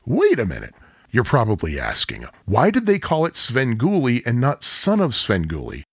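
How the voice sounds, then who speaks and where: Husky, chatty podcast host from Chicago. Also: male voice, mid-range voice, huge pitch swings, moderate pace, no echo, studio quality. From Chicago area. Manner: chatty, self-deprecating, nostalgic. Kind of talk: casual storytelling monologue.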